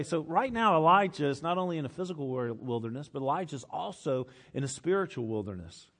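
Male pastor, sermon delivery, emphatic with repeated phrases, slightly higher voice. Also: expressive, fast talker, few pauses, fairly bright tone. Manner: emphatic, repeats phrases for effect, laughs often.

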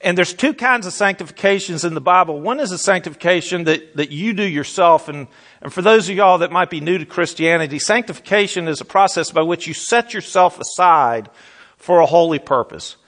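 A man preaching a sermon. He speaks in a relaxed, folksy way and stretches out the words he wants to land. His voice sits a little higher than most men's. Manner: conversational, folksy, slows down for emphasis. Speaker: pastor.

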